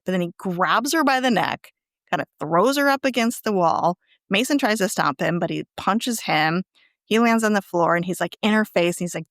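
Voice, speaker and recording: In a clean, dry studio recording, a podcast co-host chats through an episode recap, voicing the characters' lines with lively energy. She speaks at normal speed in a fairly low, gravelly voice.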